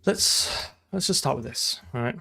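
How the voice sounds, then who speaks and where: A programming streamer from southern England chats casually while live-coding, thinking aloud and laughing often. His middle-pitched voice has a gravelly, fry-edged texture that comes across pushed and bright. He's expressive and talks at normal speed in a loose, chatty way.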